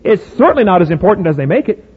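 Middle-aged male preacher, high husky voice, folksy and emphatic, asks the crowd questions. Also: big pitch swings, racing. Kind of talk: sermon. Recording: phone-like audio in a reverberant hall.

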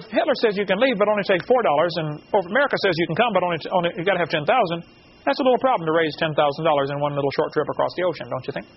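A man giving an animated lecture to a live audience, asking the room rhetorical questions. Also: a little high. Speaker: creationist lecturer. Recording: dull lo-fi recording with faint noise.

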